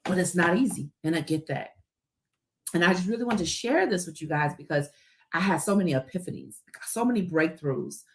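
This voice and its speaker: A woman's voice: lowish voice, lively intonation, brisk, slight background noise. A woman hosting a live talk, speaking earnestly and encouragingly to listeners, emotional and close to tears. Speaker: podcast host.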